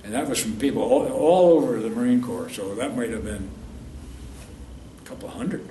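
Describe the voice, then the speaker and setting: In an oral history interview, an eighty-something veteran from New York State wanders through war stories, often stopping to fix what he just said. His voice is mellow and medium-pitched at a moderate pace, captured by a distant mic in a roomy space with a little background noise.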